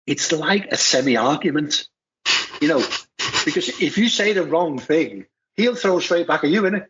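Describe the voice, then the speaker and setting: A man's voice: on the high side, lively intonation, moderate pace, fairly bright tone. Rambling man, muffled podcast audio. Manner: rambling, with lots of restarts and tag questions. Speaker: football pundit and former player. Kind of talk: casual podcast chat.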